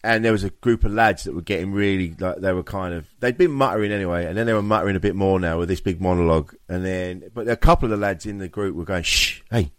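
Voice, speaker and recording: A man's voice: low voice, fast, few pauses, no echo, clean studio sound. A man co-hosting a podcast, easygoing and agreeable, telling anecdotes in casual chat. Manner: easygoing, agreeable, laughs along. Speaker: podcast co-host.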